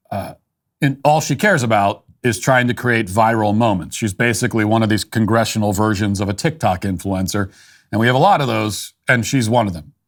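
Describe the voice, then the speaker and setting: A man hosting a political commentary show, talking in a dry, dismissive way with frequent restarts. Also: mid-range voice.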